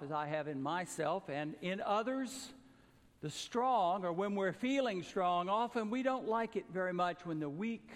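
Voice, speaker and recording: An earnest male pastor from the American South delivers a sermon in a high-pitched voice, rising to emphatic calls and then sinking low and soft. His words ring out with the long reverb of a large church.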